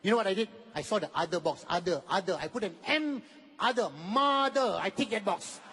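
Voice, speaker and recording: A Malaysian man in his fifties doing stand-up comedy in a lively storytelling way, acting out other people as he goes. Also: normal speed, husky. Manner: animated, acts out other people with a high put-on voice. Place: large hall on stage. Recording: reverberant hall with audience ambience.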